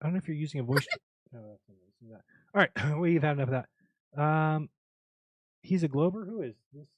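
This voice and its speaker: A man's voice: a little high, brisk, no room sound. A man hosting a live panel show, arguing his points emphatically in casual chat.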